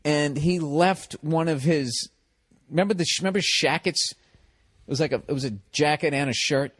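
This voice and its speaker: A man's voice: on the high side, moderate pace, a bit bright, no echo. Man telling profane rambling stories. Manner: profane, rambling, laughs through his own stories. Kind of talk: casual storytelling chat.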